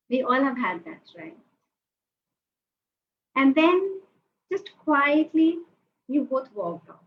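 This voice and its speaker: A webinar speaker with a slightly high voice gives a lively motivational talk, animatedly acting out quoted reactions and asking the audience to join in. She's on a webinar call mic, and the audio is slightly dull with faint noise.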